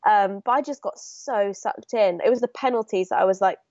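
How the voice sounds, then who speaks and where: A woman's voice: mid-range voice, fairly quick, dry recording. A woman co-hosting a podcast, telling stories with enthusiasm. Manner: enthusiastic, animated storytelling. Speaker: podcast co-host. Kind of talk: casual chat. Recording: dry, dull remote line.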